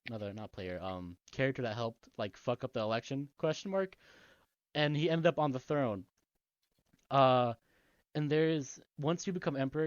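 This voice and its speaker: A podcast co-host with a medium-pitched voice chats casually, wandering through the plot of a video game amid frequent laughter and profanity. There's no room sound, though the podcast mic itself is dull and lo-fi.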